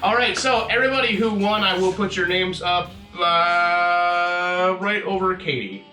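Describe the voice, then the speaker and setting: A man's voice: sits high, a little slow, sharp tone, echoey room, distant mic, soft background music. A man co-hosting a podcast in casual chat, laid-back and hesitant with fillers. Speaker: podcast co-host.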